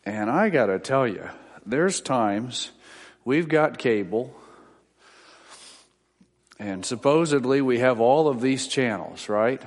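Middle-aged male preacher, folksy and wry, storytelling sermon, mid-pitched, long hall reverb. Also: expressive, slow, pauses often. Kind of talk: sermon with personal anecdotes.

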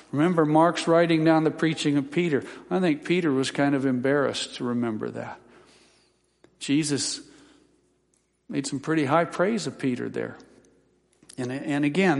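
A male pastor delivering a sermon, his slightly higher voice carrying in a hall with a long echo. He teaches scripture in a folksy way, dropping joking asides along the way.

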